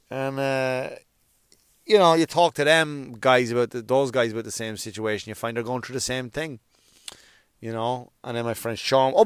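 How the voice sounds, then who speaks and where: A man's voice: mid-range voice, clear, resonant tone, no echo, clean studio sound. A male stand-up comedian talking in a casual, rambling monologue, swearing often and restarting his sentences. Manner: profane, rambling, with frequent restarts.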